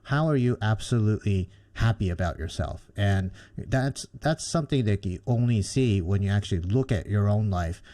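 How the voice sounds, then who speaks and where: A man's voice: fairly low pitch, lively intonation, normal speed, few pauses, mellow. A man hosting a podcast interview, speaking thoughtfully and rambling a little with fillers. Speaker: podcast host.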